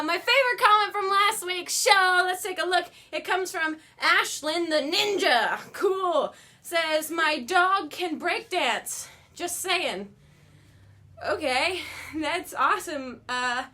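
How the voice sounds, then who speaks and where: Female web-show host, high and bright, goofy self-deprecating studio chatter. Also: slight background noise. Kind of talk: casual live-stream chat.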